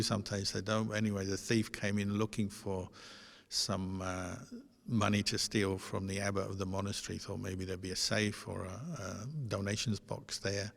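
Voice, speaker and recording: A man, a Buddhist monk, giving a dharma talk in a gentle, conversational storytelling manner. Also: lowish voice, creaky. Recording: long hall reverb.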